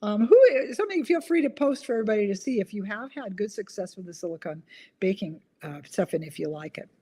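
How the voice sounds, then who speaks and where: A woman's voice: medium pitch, lively intonation, quick pace, warm tone, slightly rough. A woman hosting a casual live chat, reading viewer comments aloud and giggling at her own corny jokes. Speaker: host of a live online chat.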